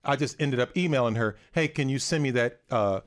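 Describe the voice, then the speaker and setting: A man's voice: medium pitch, brisk. An American man hosts a call-in show in a middling voice. His delivery is loose and jokey, and he often restarts his sentences. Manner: joking, loose, repeats himself. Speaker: podcast host. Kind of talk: casual call-in podcast chat.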